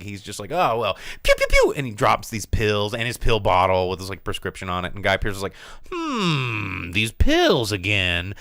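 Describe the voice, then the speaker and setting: A man's voice: on the low side, fairly bright tone, clear, resonant tone, dry recording, studio quality. A man hosting a podcast, reviewing a film in casual chat, rambling and sarcastic with lots of fillers and restarts.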